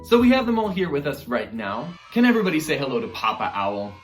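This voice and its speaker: A man leads an online music lesson for small children, upbeat and encouraging, with his voice sitting a little high and swinging widely in pitch. The room has a roomy echo, and faint music plays underneath. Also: big pitch swings, fast. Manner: upbeat, encouraging, addresses kids directly. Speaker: elementary music teacher.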